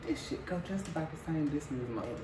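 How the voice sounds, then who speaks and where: A young man vlogs to a tripod-mounted camera in his apartment, sick with food poisoning and nursing a sore tongue he bit. His voice runs high and very fast with a little hiss or hum, and he chats animatedly, swearing freely and speaking straight to viewers.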